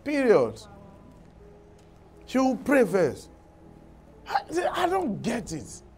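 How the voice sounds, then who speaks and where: A man preaching a sermon in a high, lively voice that leaps up and down. He tells animated stories, laughs at his own points and scolds his congregation. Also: slow pace, faint music behind.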